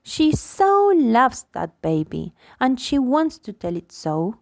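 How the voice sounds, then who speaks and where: Woman, linguistics lecturer, reading aloud, expressive delivery, dry close sound. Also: on the high side, creaky, dry recording. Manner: expressive, lively reading with acted-out examples. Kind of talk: reading a book chapter aloud.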